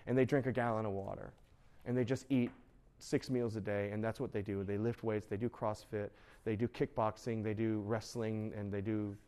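A man in his thirties, a youth pastor, preaching a casual sermon to teenagers and acting out their quoted voices. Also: fairly low pitch. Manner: conversational, animated, acts out quoted voices.

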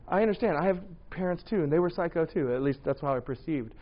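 A loud, animated man in his thirties gives a casual sermon, breaking into joking asides. His voice sits a little high for a man. The recording sounds dull and lo-fi. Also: normal speed, few pauses. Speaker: preacher. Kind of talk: casual sermon to young adults.

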